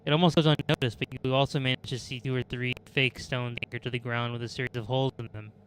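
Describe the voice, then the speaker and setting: A man reads a horror game's text aloud on a stream, quick and with a bright, sharp edge. He talks briskly and stumbles into the odd restart. Faint noise and clicks sit behind him. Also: medium pitch, flat delivery, poor audio.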